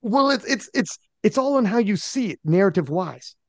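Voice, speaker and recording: A man hosts a podcast in loose, animated talk full of slang and quick impressions of others. His voice sits a little high. The sound is close and dry. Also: no echo. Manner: animated, slangy, mimics people he talks about. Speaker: podcast host. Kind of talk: casual podcast chat.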